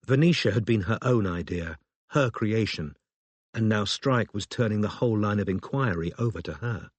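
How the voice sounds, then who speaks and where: A man reading an audiobook in a steady, measured storytelling manner. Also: lowish voice, dry recording. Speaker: audiobook narrator. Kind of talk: scripted audiobook narration.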